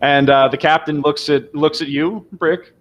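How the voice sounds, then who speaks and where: A man's voice: a little high, steady tone, unhurried, highs cut off. A man running a tabletop game as game master, rambling and restarting his sentences often.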